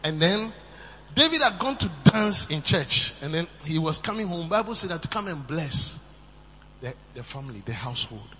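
Male preacher, bright piercing tone, shouts for emphasis, long hall reverb on a dull recording. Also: fairly high pitch, normal speed. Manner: animated, switching between soft asides and shouted emphasis. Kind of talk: sermon. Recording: muffled, with long hall reverb and faint hum.

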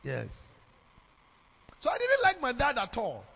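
A man's voice: extremely high pitch, huge pitch swings, unhurried, vocal fry, bright, forceful tone. A man from Ghana with a Ghanaian English accent, preaching a sermon in church, emphatic and repeating lines for effect. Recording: dull lo-fi sermon recording.

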